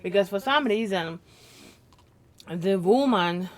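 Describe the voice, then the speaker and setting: A woman's voice: medium pitch, animated, slow pace. Matter-of-fact woman recapping a plot. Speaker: podcast co-host. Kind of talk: casual chat.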